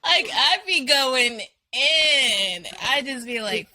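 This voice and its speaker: A woman from Canada in casual podcast chat, animated, laughing often and swearing freely. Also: high-pitched, slow pace. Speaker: guest.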